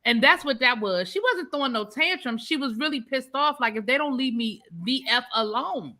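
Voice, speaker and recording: A woman on a reality TV panel show, chatting in an animated, emphatic, gossipy way. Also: sits high, normal speed. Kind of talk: casual chat.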